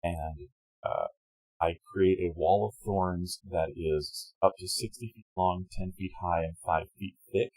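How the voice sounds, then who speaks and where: Man, gaming table player, low voice, husky, halting with lots of uh's. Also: fairly even intonation, a little mellow, no room sound, poor audio. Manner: halting, many "uh"s while explaining. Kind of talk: declaring a spell in a tabletop game.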